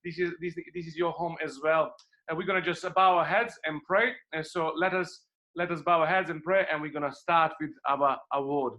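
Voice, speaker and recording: A man hosts an online gathering over a video call, welcoming people and leading a short prayer. His voice is fairly high and very bright. He talks in loose bursts, repeating phrases and filling pauses. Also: fairly even intonation, lo-fi sound. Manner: repeats phrases, many fillers. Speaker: online event host. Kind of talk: welcoming host with an opening prayer.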